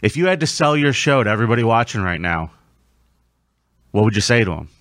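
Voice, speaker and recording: A man's voice: fairly low pitch, big pitch swings, fast, a bit bright, no room sound, clean studio sound. A man hosting a podcast, teasing his guest and asking pointed questions in a casual interview. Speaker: podcast host.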